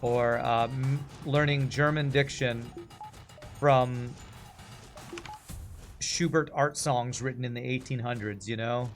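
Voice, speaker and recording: This man speaks at a medium pitch in a steady tone, slowly and with frequent pauses. In his forties and from Texas, USA, with an American accent, he streams games, rambling chattily through casual commentary and reading out chat while faint game music plays.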